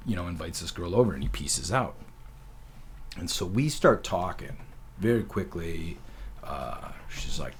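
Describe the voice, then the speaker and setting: A man from North Dakota hosting a talk show, telling comic stories in an animated, profane way and acting out quotes. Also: sits low, a little hiss or hum. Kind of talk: comedic storytelling.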